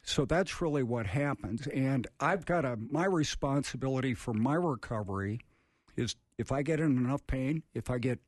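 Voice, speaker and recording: A man's voice: mid-range voice, moderate pace, dry recording, clean studio sound. Blunt, plainspoken man on recovery radio. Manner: blunt, plainspoken, wry humor. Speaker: radio co-host. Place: radio studio.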